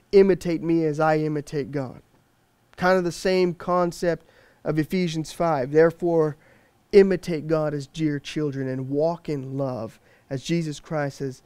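A man's voice: on the high side, darkish tone, no room sound. A man preaching a sermon as pastor, explaining patiently with frequent restarts and fillers.

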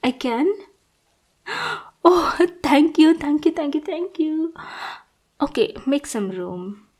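A woman's voice: a little high, slow, darkish tone. A woman doing a clingy obsessive girl, whispered role-play. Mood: adoring. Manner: sweet, clingy, calls listener darling. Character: obsessive, adoring young woman intruder. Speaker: ASMR performer.

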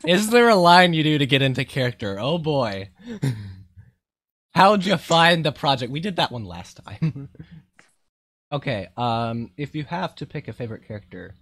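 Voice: medium pitch, sing-song, measured pace, fairly bright tone, no room sound. A podcast host running through interview questions, scattered and self-correcting. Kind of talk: casual podcast chat.

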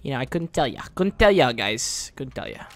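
A man giving live gameplay commentary, excitable and trash-talking, with sudden frustrated outbursts. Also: mid-range voice, brisk. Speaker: gaming channel host.

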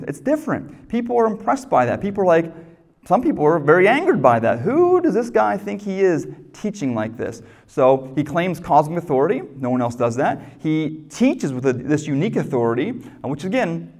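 Male pastor, sermon; fairly high, very animated delivery, chatty and emphatic. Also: moderate pace. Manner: conversational, emphatic teaching with rhetorical questions.

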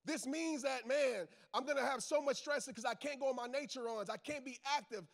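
A man's voice: extremely high pitch, brisk, gravelly. A man giving a motivational talk to a crowd, emphatic and preachy, repeating his key lines in casual slang. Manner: casual Southern slang, talks straight to the crowd. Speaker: motivational speaker; football coach, father. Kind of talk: motivational speech to a live audience.

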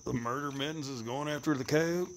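A man talking to his animals outdoors, coaxing and teasing them, sometimes cussing and calling out in a high voice. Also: a little fast, background noise. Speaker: animal keeper filming his pets. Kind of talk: casual running commentary to animals. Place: outdoors, rural.

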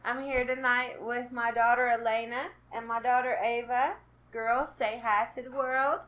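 A woman's voice: on the high side, flat delivery, moderate pace, a bit bright. A woman from Kentucky, chatting to camera in a casual unboxing vlog, nervous and giggly. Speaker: vlogger doing an unboxing.

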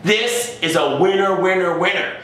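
A man's voice: high-pitched, normal speed, a bit bright. A man from New Jersey hosting a cooking demonstration in a kitchen, talking in a playful, theatrical, joking way. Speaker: cooking show host. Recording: very echoey room, distant mic.

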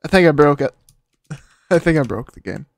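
A man's voice: on the high side, animated, normal speed, vocal fry. A young man casually commenting while playing a game, laughing a lot and making crude, mocking asides. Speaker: gamer. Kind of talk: casual let's-play commentary.

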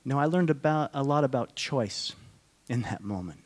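A middle-aged man speaking to a conference audience, telling a personal story in a slow, halting, deeply emotional way, often dropping to a hush. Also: lively intonation. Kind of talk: personal testimony talk to an audience. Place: conference hall.

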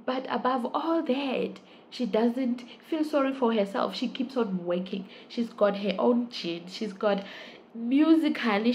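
A woman's voice: mid-range voice, vocal fry, darkish tone, a little hiss or hum. Gushing woman vlogger. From South Africa. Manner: gushing, chatty, addresses viewers as guys. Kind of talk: casual talk to camera.

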